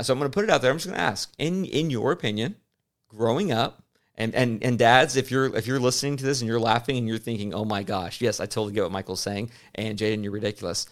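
A middle-of-the-road male voice, neither high nor low, from a man in his forties who co-hosts a podcast. He rambles through casual chat, restarting his sentences and breaking into easy laughs. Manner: rambling, self-interrupting, laughs easily. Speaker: podcast co-host.

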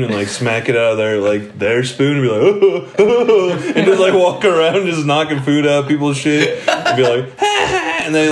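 A young man telling stories in casual chat, rambling, laughing often and swearing freely. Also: medium pitch. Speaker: podcast co-host.

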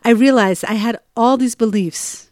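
Woman in middle age telling a personal story, chatty and self-mocking, slightly high pitch, dry recording. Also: a little slow, dry recording. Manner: conversational, asks listeners "right?", laughs at herself. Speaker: storyteller sharing personal stories.

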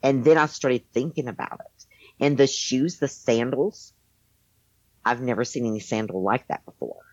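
A woman with a low voice tells a story in a loose, rambling way, with plenty of fillers and restarts. The sound is dull and lo-fi, dry with no room echo. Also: normal speed, darkish tone. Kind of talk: casual storytelling.

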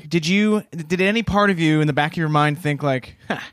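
A man's voice: fairly high pitch, a little fast, a bit bright. A man with a Canadian accent hosting a podcast, telling wry stories in casual chat. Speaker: podcast host.

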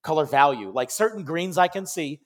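A man chatting on a podcast, loose and easygoing, telling stories full of swearing and laughter. His voice sits a little higher than most men's. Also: expressive, normal speed. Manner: laid-back storyteller, swears freely, laughs often. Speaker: co-host. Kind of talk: casual podcast chat.

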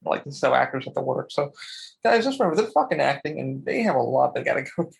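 A young man co-hosting a casual podcast about video games, animated and swearing freely as he acts out quotes. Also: medium pitch, quick pace, vocal fry, breathy edge, rough recording. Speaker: podcast co-host.

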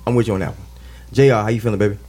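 A man's voice: lowish voice, fairly even intonation, rapid-fire, a little mellow. A man hosting a casual podcast with friends, loose and emphatic, repeating phrases as he talks. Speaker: podcast host.

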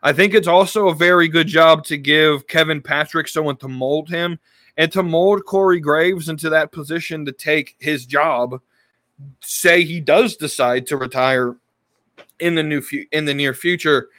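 A man's voice: on the high side, moderate pace, a bit bright, no echo. A man hosting a casual podcast, talking in a loose, rambling way with many restarts and fillers. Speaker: podcast host. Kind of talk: casual wrestling podcast talk.

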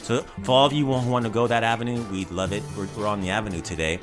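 A man's voice: fairly low pitch, fairly even intonation, quick pace, over music. A man hosting a language podcast, chatting casually with jokes and plugging the show. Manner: upbeat, jokey, rambling plugs. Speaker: podcast host.

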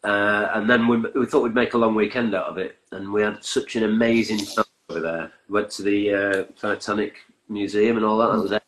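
A man in his fifties from northern England chats as a guest in a relaxed, easygoing way. His humour is dry and his voice sits fairly low. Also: fairly quick, few pauses, low-quality recording. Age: 50s. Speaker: guest musician. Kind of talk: casual interview chat.

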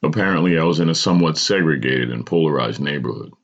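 This podcast host has a fast, expressive bass voice as he reads a personal story with dramatic flair and small stumbles. The recording is dull and lo-fi.

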